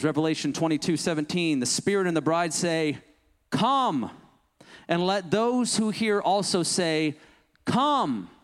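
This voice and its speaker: A man's voice: medium pitch, long reverb tail. A young adult man preaching a sermon as pastor, impassioned and rising to fervent pleading.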